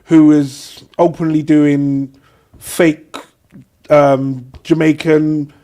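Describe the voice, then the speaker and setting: A man's voice: on the high side, little pitch movement, drawn-out words, mellow. A man co-hosting a podcast, talking in long, thoughtful, rambling turns. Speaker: podcast co-host. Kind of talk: casual podcast chat.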